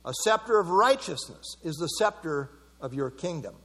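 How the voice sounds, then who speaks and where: A man's voice: a little high, expressive, moderate pace, fairly bright tone, slightly rough. A man preaching an expository sermon, earnestly teaching verse by verse with light asides to his listeners.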